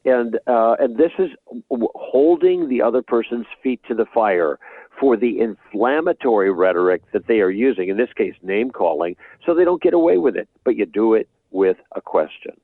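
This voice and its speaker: A male guest author explaining his ideas in a measured, conversational way during an interview. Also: mid-range voice, animated, no room sound. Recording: tinny phone-like remote line.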